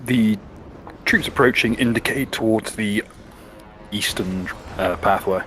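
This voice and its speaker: Dry-toned game master. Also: male voice, lowish voice, unhurried, fairly bright tone, faint music behind. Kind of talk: narrating a tabletop game.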